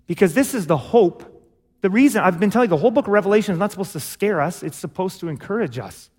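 A man preaching a sermon as pastor, in an animated, conversational way with acted asides. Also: high voice, fast talker, breathy edge, in a large hall. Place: church sanctuary.

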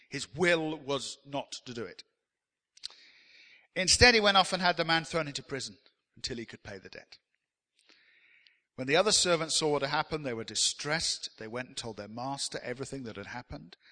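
A man's voice: medium pitch, bright, forceful tone, in a large hall. A man preaching a sermon as pastor, emphatic, and leading the congregation in call-and-response.

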